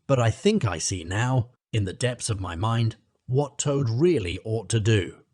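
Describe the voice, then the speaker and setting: Sensible reflective water rat, read by a man; husky, dry. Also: fairly low pitch, lively intonation, unhurried, darkish tone, no room sound. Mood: thoughtful. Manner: reflective, reasoning.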